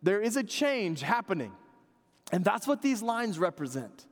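A man in his thirties preaching a sermon, conversational and animated, dropping to quiet earnest asides. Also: high voice, measured pace, long reverb tail. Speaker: pastor.

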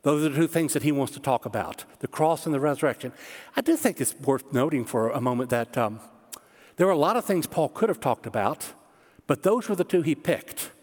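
Man, pastor, sermon, emphatic preaching, rhetorical questions, fairly high voice, long reverb. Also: animated, brisk.

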